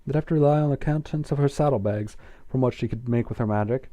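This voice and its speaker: A man's voice: mid-range voice, quick pace, mellow, dry recording. A man reading fan fiction aloud in a casual way, stumbling over words and breaking off for self-deprecating asides.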